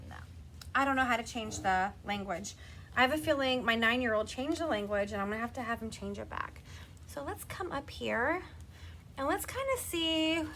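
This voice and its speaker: Chatty woman doing a live craft demo, high bright voice, bit of background hiss. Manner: chatty, laughs often, talks to viewers by name. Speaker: craft demonstrator on a live stream.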